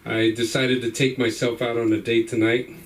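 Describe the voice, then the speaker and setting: A man's voice: medium pitch, moderate pace, recorded from a distance, very noisy. A man in his fifties from the Cape Verde Islands telling a rambling stand-up story at an open mic, acting out the voices of the people in it. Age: 50s. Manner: rambling, animated, acts out voices. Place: comedy club stage.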